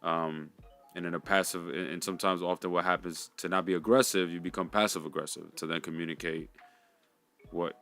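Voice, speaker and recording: A man's voice: low voice, steady tone, creaky, fairly bright tone, soft background music. A man co-hosting a reflective conversation, speaking thoughtfully with frequent restarts. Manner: thoughtful, halting, many restarts. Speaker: co-host.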